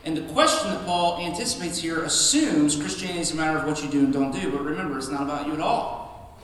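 A man's voice: a little high, fast talker, a bit bright, slight background noise. A male pastor preaching a sermon in a church, emphatic and conversational, often restarting his sentences. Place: church sanctuary. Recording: echoey hall from a distant mic.

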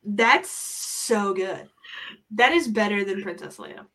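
A woman hosting a podcast in casual chat, excitable and quick to laugh. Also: mid-range voice. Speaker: podcast host.

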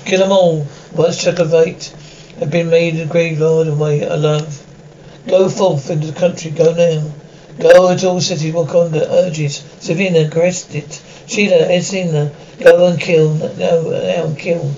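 Cold, vengeful vampire lord in an animated show; gravelly and commanding, with a dull, lo-fi sound. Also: male voice, a little high, a little hiss or hum. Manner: slow, commanding threats.

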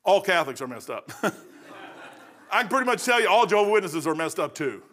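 A man's voice: sits high, sing-song, fast talker, fairly bright tone. A man preaching a folksy sermon, rambling through stories and laughing at his own jokes.

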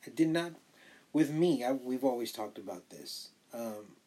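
Husky-voiced eager guest. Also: mid-range voice, animated, warm tone. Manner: eager, quick to agree. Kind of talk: casual chat.

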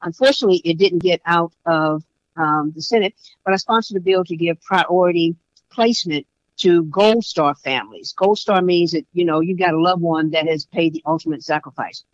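A woman's voice: on the low side, normal speed, dry recording. A woman state senator and veteran, a podcast guest, talking with passion and repeating phrases for emphasis. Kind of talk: podcast interview. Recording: dull dry lo-fi recording.

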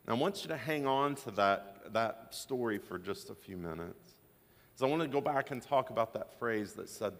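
A man's voice: medium pitch, expressive, normal speed. Joking man preaching in a reverberant hall. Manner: storytelling, joking asides. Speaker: pastor. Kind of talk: sermon. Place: church sanctuary.

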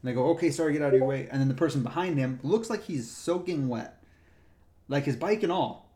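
A man's voice: on the high side, brisk. A man who works as a park ranger, casually telling stories from the job and acting out the people in them. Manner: animated retelling, acts out the people in his stories. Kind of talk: casual storytelling chat.

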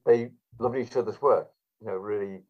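In a dull lo-fi recording, a guest tells stories at a moderate pace, his lowish voice carrying a breathy edge. His delivery rambles and hesitates, packed with fillers.

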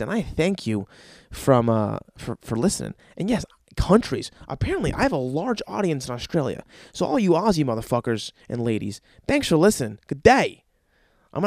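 A man's voice: on the high side, darkish tone, dry recording, clean studio sound. A young man hosting a podcast, telling crude stories and ranting with a lot of profanity. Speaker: podcast host. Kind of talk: crude comedic storytelling podcast.

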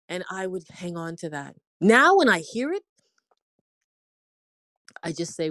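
A woman's voice: lowish voice, big pitch swings, unhurried, long pauses, fairly bright tone, dry recording. A woman in her forties giving an earnest, emotional faith testimony, now and then acting out the voices of people she quotes. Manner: earnest and preachy, quoting others in acted voices. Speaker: inspirational speaker.

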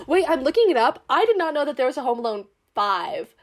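A woman's voice: sits high, sing-song, quick pace. A young woman in casual podcast chat, laid-back and slangy. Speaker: podcast co-host.

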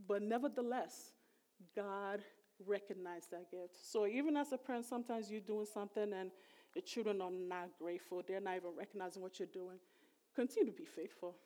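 A woman's voice: medium pitch, fairly even intonation, fairly quick, mellow. A middle-aged woman giving a sermon in a conversational, emphatic way. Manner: conversational, emphatic, voice rising sharply when retelling emotional moments. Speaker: preacher.

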